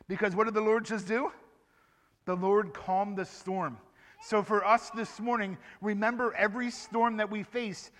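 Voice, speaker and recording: A man giving a lively children's sermon in church, asking the children questions and acting out the story for them. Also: high voice, in a large hall. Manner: animated, asks the children questions. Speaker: children's pastor.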